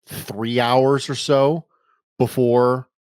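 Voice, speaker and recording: A man's voice: medium pitch, flat delivery, extremely slow, darkish tone, clean tone, dry recording, studio quality. A man guesting on a podcast, telling stories animatedly with speech and emphatic repetition. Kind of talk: casual podcast interview.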